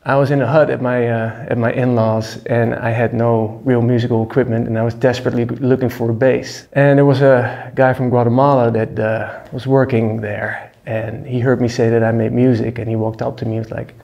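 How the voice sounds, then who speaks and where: A man, a musician, telling stories casually in a relaxed, laid-back way, with lots of fillers. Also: medium pitch, brisk, gravelly, hardly any pauses, dull audio. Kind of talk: casual storytelling monologue.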